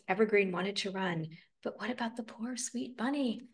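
A woman reading a picture book aloud with expressive, dramatic storytelling. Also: medium pitch, normal speed. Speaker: storybook reader.

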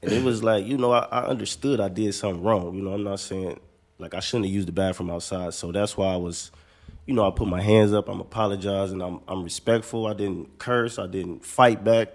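A man's voice: deep voice, fairly quick. An American man, a basketball player, casually and laid-back telling a personal story as a guest. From United States. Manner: relaxed, laid-back, says "man" a lot.

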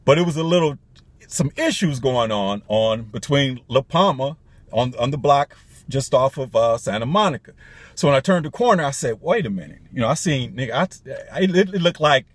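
A man, a rideshare driver, telling a story in a casual, slangy, animated way, laughing between lines. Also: mid-range voice, moderate pace, dry recording.

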